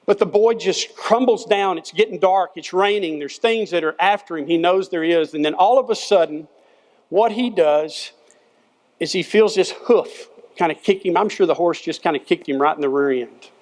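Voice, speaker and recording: A man's voice: high-pitched, normal speed. An older man, a former football coach giving an earnest, folksy chapel sermon to students in short, repeated phrases. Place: school chapel.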